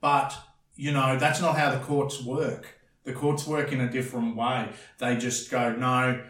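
A man's voice: medium pitch, fairly even intonation, unhurried, fairly bright tone, far from the mic. A man, a former bouncer, telling blunt and crude stories in casual podcast chat, often acting out the voices of the people in them. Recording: echoey room, a bit off-mic.

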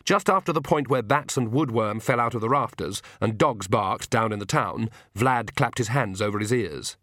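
A man narrating a comic fantasy audiobook with a dry, even storytelling manner. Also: on the low side, normal speed, no room sound. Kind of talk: scripted narration.

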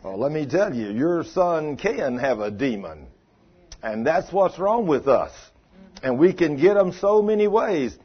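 An older preacher delivers a sermon in a husky, homespun voice. He tells stories and swings from loud declarations to hushed asides. The recording is muffled and lo-fi. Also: fairly high pitch, sing-song, a little slow. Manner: folksy, storytelling, swings between loud and hushed.

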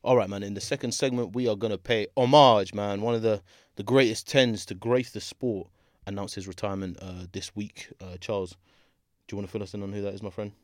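A man's voice: on the low side, fairly even intonation, brisk, dry recording, clean studio sound. A young man hosting a podcast, laid-back and laughing often, full of slang. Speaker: podcast host. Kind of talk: casual chat.

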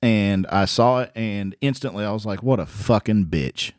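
A man's voice: fairly low pitch, moderate pace, darkish tone, no room sound, studio quality. Crude, teasing podcast co-host man. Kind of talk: casual profane banter.

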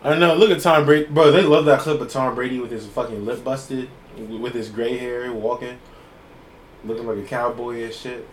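Loud, teasing young man in an echoey room. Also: mid-range voice, fairly even intonation, normal speed. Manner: loud, profane, teasing banter. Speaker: podcast co-host. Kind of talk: casual chat. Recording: echoey room with faint noise.

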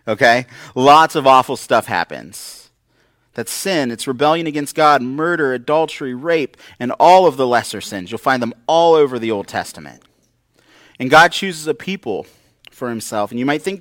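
A man's voice: mid-range voice, fairly bright tone, dry recording, studio quality. A man preaching a conversational sermon, acting out quoted voices with wry humor. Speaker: pastor. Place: church.

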